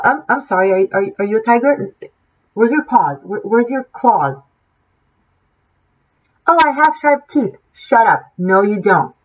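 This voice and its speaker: A woman tarot reader giving an impassioned, preachy monologue, swearing freely and restarting her sentences often. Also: medium pitch. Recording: dull lo-fi sound.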